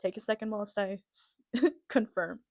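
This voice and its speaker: With a mid-range voice and a slightly slow delivery, this young adult podcast host launches into a casual opinion rant. The studio-quality audio has no room sound as she swears openly, laughs, and speaks straight to her audience.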